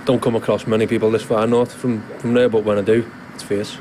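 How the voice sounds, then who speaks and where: A man's voice: fairly low pitch, level tone, a little fast, darkish tone. A man answering a street reporter's questions outdoors. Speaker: passer-by. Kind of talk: vox pop answer. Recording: faint traffic noise.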